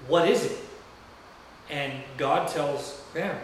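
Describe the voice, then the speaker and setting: A man's voice: on the high side, measured pace, slight background noise. A man preaching a sermon in a church, telling a story in a loose, conversational and rambling way. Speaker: pastor. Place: church sanctuary. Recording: very echoey room heard from a distance.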